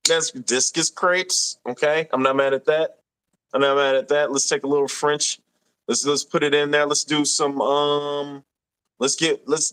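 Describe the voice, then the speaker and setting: Young male streamer, relaxed unhurried delivery, slightly high voice, amused and chatty. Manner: laid-back, laughing, drawn-out readings. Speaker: live stream host. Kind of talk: casual live stream chat reading comments.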